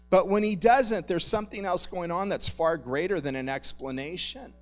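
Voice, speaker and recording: A pastor giving a relaxed, conversational sermon, joking and calling his listeners "guys.". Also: sits high, normal speed, few pauses, faint music behind. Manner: conversational, jokey, addresses the congregation as "guys". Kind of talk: casual sermon.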